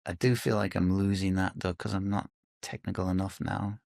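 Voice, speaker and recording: A man's voice: deep voice, level tone, fairly quick, gravelly, a little mellow, dry recording, clean studio sound. A middle-aged man from the UK, a podcast guest talking thoughtfully and hesitantly, with many fillers and restarts. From United Kingdom. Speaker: podcast guest, company founder. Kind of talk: casual interview conversation.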